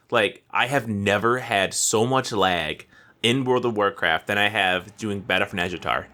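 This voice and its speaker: A man's voice: medium pitch, bright, forceful tone. A man co-hosting a gaming podcast, ranting animatedly in casual chat and swearing freely. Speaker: podcast co-host.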